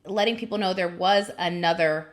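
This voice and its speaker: A woman's voice: fairly low pitch, normal speed. A woman hosting a podcast, thinking aloud in a reflective, affirming way during a casual interview. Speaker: podcast host.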